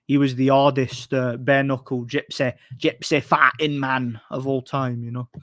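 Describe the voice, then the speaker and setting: A man's voice: mid-range voice, flat delivery, measured pace, a bit bright, no room sound, clean studio sound. A man hosting a casual chat show, answering viewer questions in a rambling, opinionated way with many restarts.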